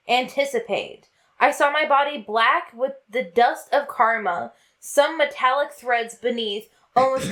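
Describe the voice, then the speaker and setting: A woman's voice: on the high side, a bit bright. A woman co-hosting a casual podcast, reading a strange first-person account aloud and laughing often between passages. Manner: giggly, reads aloud then breaks into laughter. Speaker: podcast co-host.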